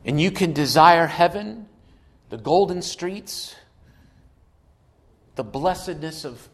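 A man preaching a sermon without notes, moving between quiet asides and loud emphatic calls. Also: fairly high pitch, expressive, takes it slowly. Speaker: pastor.

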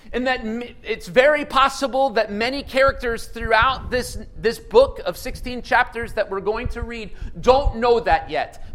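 Over poor audio, a high-voiced pastor delivers an energetic sermon. He keeps putting questions to his listeners and reads scripture aloud with dramatic emphasis.

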